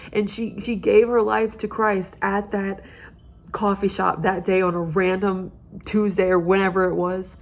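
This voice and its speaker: A young woman tells a personal testimony in an earnest, heartfelt way. Her voice sits at a middle pitch with a gravelly, fry-tinged edge. She speaks as a student leader of a campus ministry. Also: level tone, a little slow.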